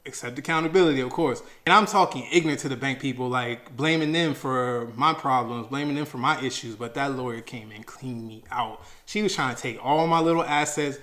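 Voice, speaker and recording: A young man telling a personal story in casual, slangy speech, acting out his own past outbursts with lively energy. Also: mid-range voice, brisk, hardly any pauses. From Maryland, USA.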